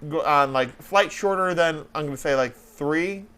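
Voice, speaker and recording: A man's voice: a little high, normal speed, clean tone. A man hosting a talk show, chatting casually and rambling through stories with many hesitations. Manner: rambling, hesitant, animated storytelling. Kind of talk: casual chat.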